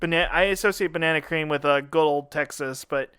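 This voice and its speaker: A man's voice: a little high, brisk, pushed and bright, smooth, no room sound, clean studio sound. A man co-hosting a podcast, chatting casually and joking, often laughing. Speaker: podcast co-host. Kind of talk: casual comedic chat.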